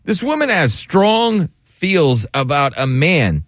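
Male host, lively intonation, jokey storyteller, dry close mic. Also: on the high side, slow pace, no echo. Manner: joking, animated storytelling. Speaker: radio show host. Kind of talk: casual talk show banter.

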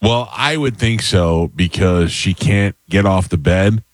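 A man telling crude jokes and stories in casual deadpan banter, as a podcast co-host. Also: deep voice, unhurried, no room sound. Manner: deadpan, jokey storyteller.

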